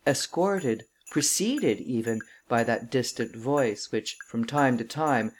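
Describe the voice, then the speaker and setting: A woman reading a classic novel aloud as an audiobook narrator, measured and formal. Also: very deep voice, expressive, slight background noise. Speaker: audiobook reader.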